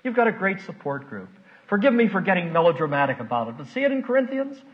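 Older man, preaching, folksy and emotional, hushed then loud, lively swinging voice, muffled old recording. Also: sits high, fast talker. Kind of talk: sermon. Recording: dull lo-fi recording.

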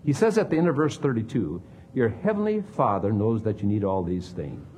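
A man preaching a sermon as a pastor, with dramatic swings between emphatic lines and hushed ones. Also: lowish voice, big pitch swings, fairly quick, a little hiss or hum.

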